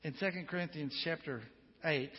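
A man's voice: on the high side, normal speed, slightly rough. A man preaching a sermon to his church in an earnest, emphatic way, often repeating words as he presses a point. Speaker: pastor. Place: church sanctuary. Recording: dull sound with long hall reverb.

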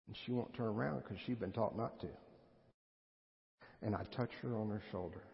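Pastor preaching in an echoey hall. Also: male voice, lowish voice, normal speed, creaky. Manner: emotional storytelling that builds in intensity. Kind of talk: sermon. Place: church sanctuary. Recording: echoey hall, dull lo-fi sound.

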